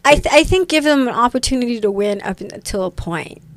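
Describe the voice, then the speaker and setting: A woman's voice: fairly high pitch, fast. A woman in her thirties, a podcast guest, chatting casually and animatedly, acting out voices in her stories. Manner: animated, mimics voices in anecdotes. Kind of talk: casual chat.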